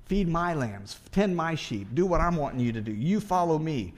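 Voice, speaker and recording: Pastor, male, fairly high voice, relaxed talky preaching with restarts. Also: normal speed. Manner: conversational preaching with rhetorical questions. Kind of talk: sermon.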